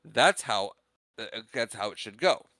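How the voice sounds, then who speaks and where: A man's voice: fairly low pitch, normal speed, no echo. A young man co-hosting a podcast, retelling a movie scene in casual chat, acting out the characters' lines and laughing often. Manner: animated retelling, acts out quotes, laughs often. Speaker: podcast co-host.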